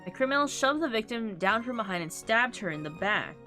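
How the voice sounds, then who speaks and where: A woman streamer with a slightly high, lively voice plays a courtroom game, briskly reading every character's line aloud in a sharp tone. She keeps breaking off to laugh and toss in her own comments, with faint music in the background.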